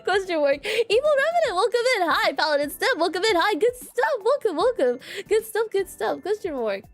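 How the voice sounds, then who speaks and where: Faint music plays as a woman VTuber chats casually with viewers in a giggly stream full of filler words and repeated phrases. She speaks in an extremely high, very animated voice at a moderate pace.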